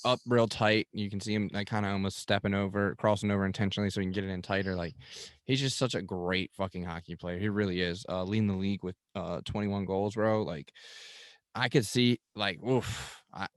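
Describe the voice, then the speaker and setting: A man co-hosting a hockey podcast in relaxed casual chat, speaking with easy slang. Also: on the low side, fairly quick, no echo, clean studio sound. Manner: relaxed, laid-back, frequent slang. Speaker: podcast co-host.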